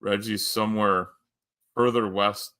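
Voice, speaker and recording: A man's voice: fairly low pitch, steady tone, a little slow, sharp tone, clean tone. A Canadian man with a Canadian accent hosting a casual live-stream chat, rambling and joking with lots of fillers. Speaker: host.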